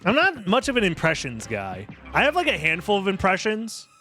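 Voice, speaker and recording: Lively joking young male streamer. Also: high voice, fairly quick, faint music behind. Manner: rambling, joking, self-deprecating, swears freely. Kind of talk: casual commentary while gaming.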